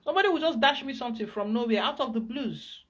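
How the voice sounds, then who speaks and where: Animated Nigerian woman, higher voice. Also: quick pace. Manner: emphatic, animated storyteller. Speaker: spiritual guide. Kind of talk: casual teaching talk.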